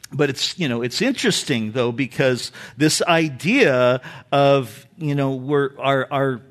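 An older man, a pastor, giving a sermon with a candid, self-deprecating story told with frequent restarts. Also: medium pitch.

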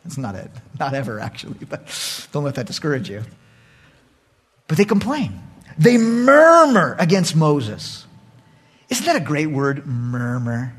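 A male pastor preaching a lively sermon to his congregation, acting out voices and laughing often. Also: a little high, measured pace, pauses often, breathy edge.

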